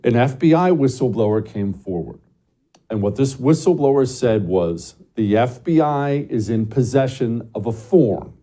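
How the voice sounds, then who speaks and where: Emphatic male host with a dark voice. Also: expressive, measured pace. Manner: emphatic, swings between shouting bursts and low asides. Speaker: show host. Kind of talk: opinionated commentary monologue.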